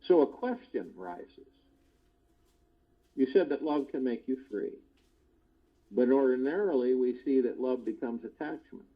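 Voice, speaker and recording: A man giving a spiritual discourse, slow and deliberate, often repeating his key phrases. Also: mid-range voice, lo-fi sound. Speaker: spiritual teacher.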